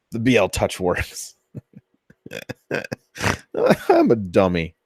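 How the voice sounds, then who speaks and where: A man narrating his own workshop build in a casual, chatty vlog. He talks slowly in a lowish voice and thinks aloud as he goes. The sound is dry and close. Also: huge pitch swings, a little mellow, slightly rough, no echo. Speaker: 3D printing hobbyist host.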